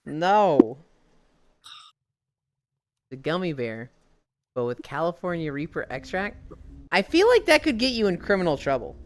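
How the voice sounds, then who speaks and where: A woman's voice: on the low side, a little slow, pauses often. A woman streamer chatting casually and telling stories, swearing freely as she goes. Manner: swears freely, animated storytelling. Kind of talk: casual chat while walking.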